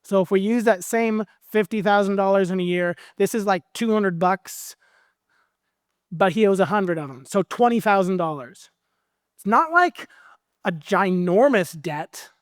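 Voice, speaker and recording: American male pastor, high voice, casual animated sermon, dry close sound. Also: measured pace, dry recording. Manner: conversational, animated storytelling.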